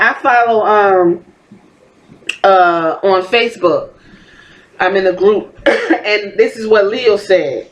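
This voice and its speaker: A woman's voice: medium pitch, slow pace, long pauses, rough recording. A woman hosting a podcast, delivering a heated, profane commentary rant in a blunt, fiery way. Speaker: podcast host.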